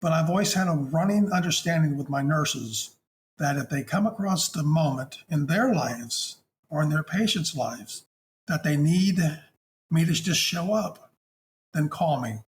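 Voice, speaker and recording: A hospice chaplain recounts visiting a patient in a gentle, affectionate, conversational way, his voice a little higher than most men's. He tells the story animatedly at a measured pace, and a faint hiss runs underneath.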